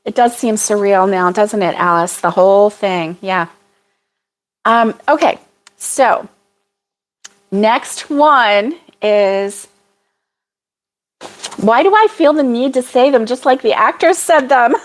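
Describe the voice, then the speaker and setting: A woman's voice: on the high side, slow pace, pauses often. A woman hosting a casual livestream chat, chatty and apologetic, laughing often as she reads viewer comments. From United States.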